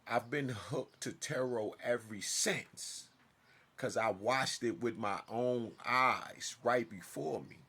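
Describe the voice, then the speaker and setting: A man telling a personal story in a casual monologue, emphatic and swinging from loud outbursts to hushed asides. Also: medium pitch, takes it slowly, slightly rough. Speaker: storyteller vlogger.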